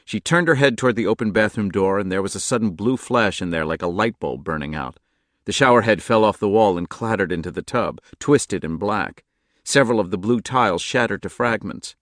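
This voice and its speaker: A man narrating a novel in a steady, measured audiobook reading, close to the mic. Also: fairly low pitch, no echo. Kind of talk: scripted narration.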